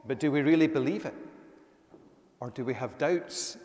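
A man's voice: fairly high pitch, normal speed, a little mellow. A man, a minister giving a conversational sermon with emphatic rises. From Northern Ireland. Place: church. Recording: echoey church hall.

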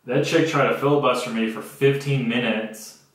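A man's voice: mid-range voice, steady tone, normal speed, heavy reverb, rough recording. A young man hosting his own podcast from a homemade studio, telling stories in a blunt, profane, sarcastic way. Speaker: podcast host. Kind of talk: casual comedic podcast monologue.

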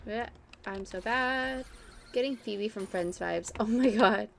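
A woman chatting over voice chat while playing a game, chatty and quick to laugh. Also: mid-range voice, gravelly, background noise. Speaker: co-player. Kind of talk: casual gaming chat.

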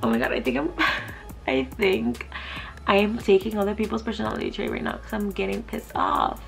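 A young woman talking casually in a vlog, chatty and profane, thinking out loud. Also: medium pitch, sing-song, a little fast, creaky, faint music behind. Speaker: vlogger.

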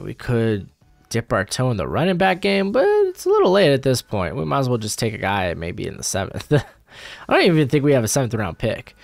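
Animated young man rambling through picks. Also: medium pitch, gravelly, no room sound. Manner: rambling, self-correcting, animated. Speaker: YouTube mock draft host. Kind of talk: casual live commentary.

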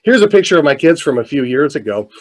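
A middle-aged man gives a storytelling keynote talk with a fairly high voice. He tells it in an animated way, and his voice rises and grows louder as the story builds. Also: fast. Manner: animated storyteller, voice climbs with excitement. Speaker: motivational speaker. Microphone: presentation mic, virtual showcase.

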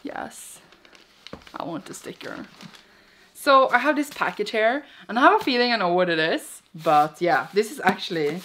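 A young Norwegian woman speaking English, her first language being Norwegian, rambles and giggles through a casual vlog chat while unboxing things. Her medium-pitched, slightly bright voice runs fairly quick with hardly any pauses, and there's a little hiss or hum.

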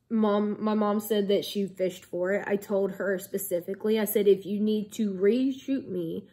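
A woman's voice: mid-range voice, warm tone. A young woman telling a rambling story to camera, full of likes and ums. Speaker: vlogger.

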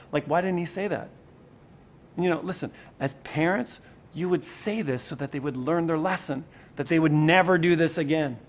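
A man preaching a sermon in a conversational, animated way, with sudden shifts in loudness for emphasis. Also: fairly high pitch, normal speed. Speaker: pastor.

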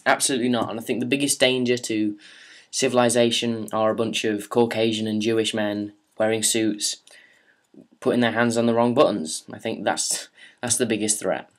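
A man's voice: fairly low pitch, flat delivery, moderate pace. Sweary young man rambling. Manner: rambling, sweary and sarcastic, with frequent restarts. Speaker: vlogger. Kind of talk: casual storytelling and viewer Q&A.

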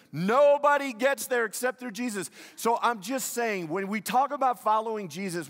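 A man's voice: high-pitched, a bit bright, long reverb tail. A male pastor delivering a sermon, emphatic, asking the congregation questions and repeating key lines. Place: church sanctuary.

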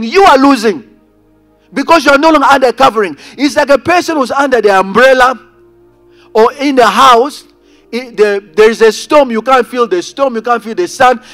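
A man preaching a sermon as pastor, calling out to his congregation and swinging between loud emphasis and quiet asides. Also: extremely high pitch. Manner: preaching with rising and falling intensity, addressing congregation directly. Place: church.

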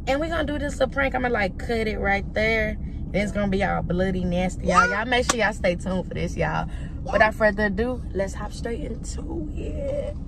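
A woman's voice: mid-range voice, normal speed, creaky. Chatty woman vlogging on a noisy phone. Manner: chatty, keeps addressing viewers as y'all. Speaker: family vlogger. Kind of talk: casual vlog chat to camera. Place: car, then store aisles and home. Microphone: handheld phone camera. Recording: noisy handheld phone audio.

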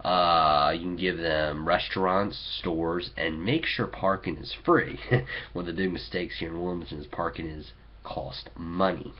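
Deep husky-voiced male commentator. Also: fairly even intonation, measured pace, muffled recording. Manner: sarcastic, mocking local officials. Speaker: political commentary host. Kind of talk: opinionated commentary.

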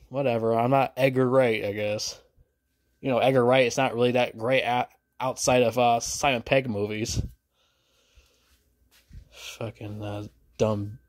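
A man delivering a crude, profanity-filled film rant to his subscribers, his pitch jumping up sharply when he gets worked up. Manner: crude, swearing, sudden pitch jumps. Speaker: film reviewer.

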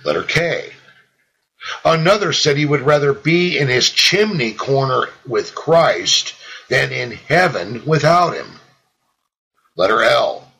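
A man reads old devotional writing at an unhurried pace. His voice is gravelly and bright, a little husky, and it rises and falls a great deal. He lifts the quoted lines with fervor and drops low for his side remarks. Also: rough recording. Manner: reads quotes in a raised, fervent tone and asides low and quick. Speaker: reader of a devotional text. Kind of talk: slow devotional reading with spoken notes.

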